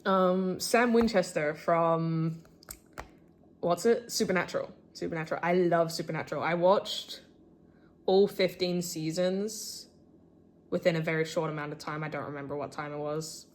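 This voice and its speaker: A woman's voice: on the low side, steady tone, normal speed. A teenage girl from Australia talking casually about her sketchbook, full of "like" and "um", self-deprecating, with squeals of delight over her favourite characters. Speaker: artist showing her sketchbook. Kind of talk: casual chat.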